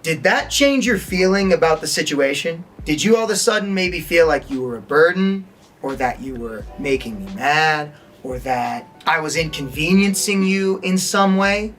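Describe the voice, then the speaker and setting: A man's voice: fairly high pitch, lively intonation, normal speed, a bit bright, soft background music. A man instructing an online acting course, talking plainly and now and then acting out a line in a different tone to show its effect. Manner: demonstrates tones by acting out short lines. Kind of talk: online lesson.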